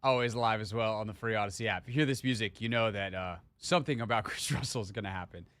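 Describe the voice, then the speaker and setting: A man's voice: on the low side, fast, fairly bright tone, no room sound. A man hosting a sports radio show, telling a story in casual chat and building into mock indignation. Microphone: studio microphone.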